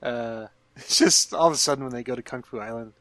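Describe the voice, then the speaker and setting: A man's voice: medium pitch, brisk, fairly bright tone, dry recording. A man co-hosting a podcast, rambling casually with lots of fillers and chuckles. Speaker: podcast co-host. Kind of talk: casual chat.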